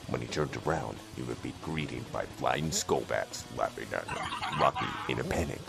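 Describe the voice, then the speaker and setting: A man narrating a comedy audio drama in a deadpan, steady manner. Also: very deep voice, gravelly.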